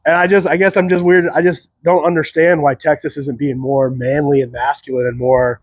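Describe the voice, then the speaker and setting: A man's voice: on the high side, level tone, fairly quick, no room sound. A man giving a rambling solo commentary. He uses many fillers and laughs between remarks. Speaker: channel host.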